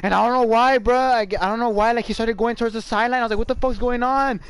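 A man streaming a game live, shouting and swearing excitedly, repeating phrases over and over. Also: very high voice, rapid-fire, clear, resonant tone. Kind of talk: hyped live gaming commentary.

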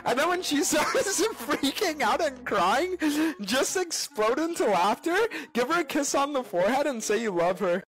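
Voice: high-pitched, very animated, normal speed, a bit bright, rough recording. A person telling a prank idea and acting out both sides of the dialogue, breaking into laughter. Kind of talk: storytelling prank-advice clip.

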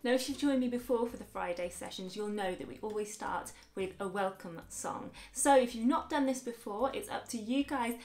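A woman in her thirties leading a children's music lesson, upbeat and encouraging, explaining things slowly and clearly. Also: mid-range voice, darkish tone. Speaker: music teacher.

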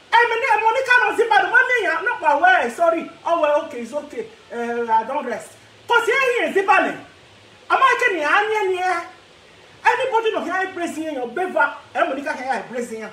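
A Nigerian woman vlogger ranting to camera in a casual, animated way, laughing often and mixing pidgin with her local language. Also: extremely high pitch, roomy sound. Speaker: social media vlogger.

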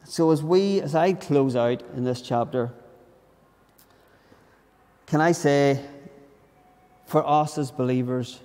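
A man's voice: fairly high pitch, slow pace, long pauses, warm tone. A man with a Northern Irish accent preaching a conversational sermon in a church, earnest, often restarting his words. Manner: earnest, restarts words, acts out inner grumbles. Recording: long church reverb.

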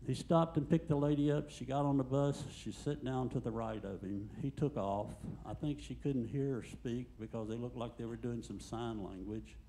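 An older man doing a stand-up comedy set in a comedy club, telling deadpan jokes and acting out the quotes. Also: mid-range voice, normal speed, few pauses, a little hiss or hum.

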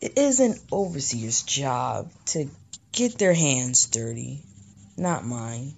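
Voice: mid-range voice, sing-song, slow, vocal fry, noisy background, full character voice. Gamer doing a haughty fire champion.

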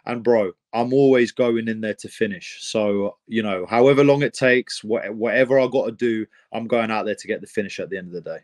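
A young man, a professional fighter, answering interview questions in a rambling, excitable way with many fillers and restarts. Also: fairly low pitch, a little fast, few pauses.

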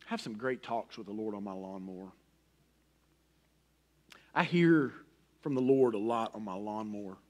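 Man preaching with hushed, soaring swings. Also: lowish voice, expressive, moderate pace, long pauses. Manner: dynamic, swings between loud emphasis and hushed near-whisper; folksy, personal asides. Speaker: pastor. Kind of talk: sermon.

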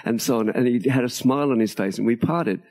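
Older man, dark mellow tone, slightly husky, storytelling interview guest, recorded outdoors. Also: medium pitch, quick pace. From Australia. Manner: animated storyteller, acts out quoted dialogue, laughs often. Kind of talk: storytelling in conversation. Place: outdoors at a tropical home near a beach.

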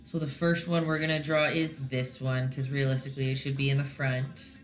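A woman's voice: a bass voice, little pitch movement, brisk, soft background music. A woman leading a casual live-stream painting lesson, chatty and encouraging, often checking in with her viewers as she goes. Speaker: painting instructor.

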